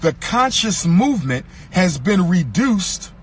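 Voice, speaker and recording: High, lively man giving a rousing speech. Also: slow, a little hiss or hum. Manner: rhythmic, emphatic repetition of lines; occasionally sings or shouts phrases. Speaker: speaker addressing an audience. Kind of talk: impassioned speech.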